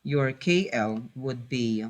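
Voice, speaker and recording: A man's voice: mid-range voice, animated, slow pace. A man teaching a math lesson, hesitating with many fillers, correcting himself and patiently repeating key points.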